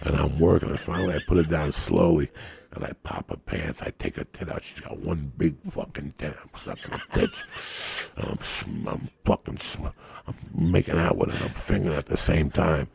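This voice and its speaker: A man telling crude, profane comic stories on a podcast in a rambling, raucous way, with a gravelly, raspy voice. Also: extremely low pitch, wildly swooping pitch, moderate pace, a little mellow. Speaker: podcast guest.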